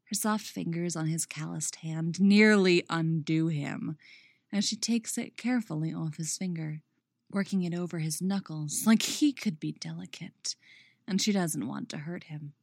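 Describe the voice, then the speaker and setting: A woman reading her own romance story aloud, expressive in the narration and chatty and self-mocking in her afterword. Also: fairly low pitch, gravelly, no room sound, clean studio sound. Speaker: fan fiction reader and writer.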